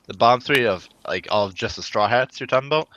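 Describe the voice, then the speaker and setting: Bright-voiced man rambling in group chat. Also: mid-range voice, fast, muffled recording. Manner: rambling, many fillers and restarts. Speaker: podcast co-host. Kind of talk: casual group chat over voice call. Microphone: computer mic on a voice call.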